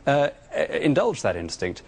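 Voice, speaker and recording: A man's voice: medium pitch, wildly swooping pitch, moderate pace, husky. A British man as a politician guest on a TV interview, arguing his views earnestly and often stammering through restarts. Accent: British English. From Britain. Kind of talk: remote TV interview answers.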